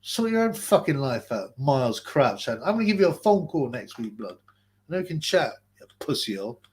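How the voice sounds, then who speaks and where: A man's voice: medium pitch, sing-song, moderate pace, a little mellow. A man hosting a live boxing chat stream, ranting in a mocking, abrasive, rambling way. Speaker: boxing livestream host.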